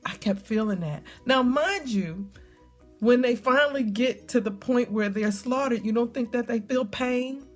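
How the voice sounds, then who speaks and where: A middle-aged woman talks straight to her viewers in a relaxed, storytelling way. She leans on emphatic repeats and scatters ums between thoughts. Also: fairly high pitch, unhurried, faint music behind. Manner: chatty, storytelling, emphatic repetition, frequent ums. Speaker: vlogger. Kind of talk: casual talk to camera.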